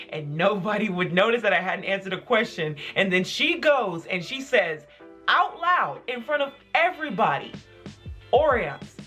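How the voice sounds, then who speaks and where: A young adult vlogger telling childhood stories in casual, animated chat, full of "like". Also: mid-range voice. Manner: animated, filler-heavy with frequent "like". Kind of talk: casual storytelling to camera.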